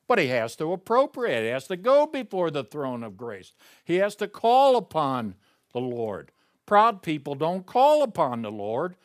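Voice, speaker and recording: Man preaching a sermon, pulpit voice. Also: medium pitch. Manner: swings between raised emphatic reading and hushed prayerful murmur. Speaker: pastor.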